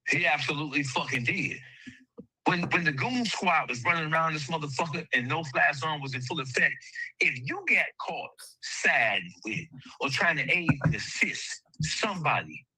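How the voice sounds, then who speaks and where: A man's voice: on the high side, lively intonation, normal speed, sharp tone, slightly rough, low-quality recording. Blunt, emphatic man in an interview. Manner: blunt, emphatic, heavy cursing. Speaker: interview guest. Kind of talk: interview storytelling.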